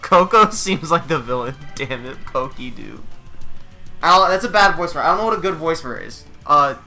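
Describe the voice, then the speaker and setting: A man streaming a game playthrough, bantering and joking excitedly. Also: fairly high pitch, moderate pace, faint music behind. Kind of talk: let's-play commentary.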